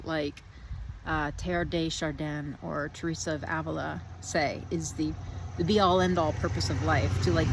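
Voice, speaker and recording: A woman's voice: lowish voice, a little hiss or hum. A woman musing reflectively on spiritual ideas, speaking outdoors in a meandering, searching way and repeating phrases. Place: outdoors in the wind.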